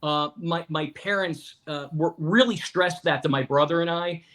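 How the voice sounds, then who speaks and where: Earnest middle-aged man, higher voice. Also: normal speed, a bit bright. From Weirton, West Virginia. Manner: repeats words and restarts often, earnest. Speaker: guest. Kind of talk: conversational interview storytelling.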